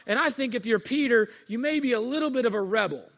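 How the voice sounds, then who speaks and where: High-voiced preacher in a reverberant hall. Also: male voice, animated, fast talker, a bit bright. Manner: conversational storytelling, speaks to listeners as "you". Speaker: pastor. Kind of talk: sermon.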